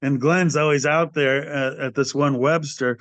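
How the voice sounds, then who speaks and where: Animated older man telling stories. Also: fairly high pitch, measured pace, no echo. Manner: animated storyteller, acts out quoted voices. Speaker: guest, metal band singer. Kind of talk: casual storytelling interview. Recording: muffled dry podcast audio.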